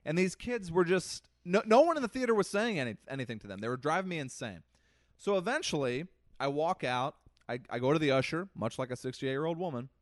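A man co-hosting a podcast, telling a comic story in a lively, animated way that swings between loud and soft. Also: a little high, quick pace, no room sound, clean studio sound. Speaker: podcast co-host. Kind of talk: casual chat, comic storytelling.

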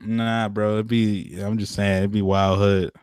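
A man's voice: on the low side, little pitch movement, measured pace, darkish tone, clean tone, no room sound. Guy cussing and joking on a podcast, slangy banter, dry close sound. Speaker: podcast co-host. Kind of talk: casual chat.

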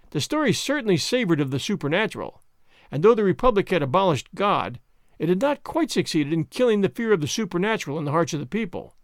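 A man's voice: high voice, dry recording, studio quality. A man narrating a classic novel as an audiobook, reading expressively.

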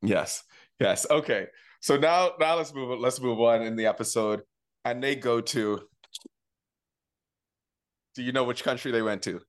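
A man co-hosting a casual chat about a TV show, laughing often and acting out quotes in animated voices. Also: mid-range voice, a little slow, long pauses. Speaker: podcast co-host.

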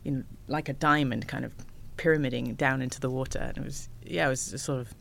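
A woman, an ocean rower, telling stories as a guest in a casual interview, animated and laughing often. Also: extremely low pitch, fast, gravelly, a little hiss or hum.

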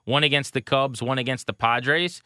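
A man co-hosting a baseball podcast, casually rattling off pitching stats with a wry edge. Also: normal speed, sharp tone, smooth, no echo, clean studio sound. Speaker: podcast co-host. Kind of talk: casual sports talk.

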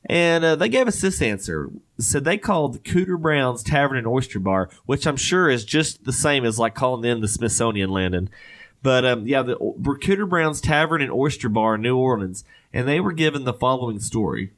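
A man's voice: mid-range voice, animated, normal speed, a bit bright. A man hosting a podcast in casual chat, rambling and joking with lots of fillers. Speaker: podcast host.

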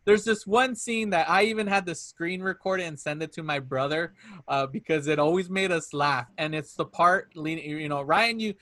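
Male host, high and bright, dry close mic, lively casual review chat. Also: normal speed, no echo. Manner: animated, acts out quotes with laughter. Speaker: podcast host.

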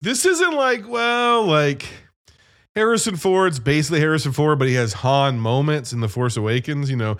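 A man chatting casually about a movie, animated and profane, retelling scenes as he goes. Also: a little high, moderate pace. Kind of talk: casual movie review chat.

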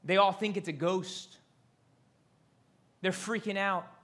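High-voiced fervent male preacher. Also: fairly even intonation, slow, fairly bright tone. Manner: fervent, repetitive, shifting to whispers for emphasis. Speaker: pastor. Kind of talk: sermon.

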